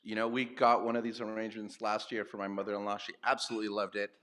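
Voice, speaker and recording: A man speaking at a charity luncheon, making a donation appeal and then running a playful live auction with rapid bid calls. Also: lowish voice, little pitch movement, a bit bright. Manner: upbeat, rapid auction calls with self-deprecating asides. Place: banquet hall at a luncheon.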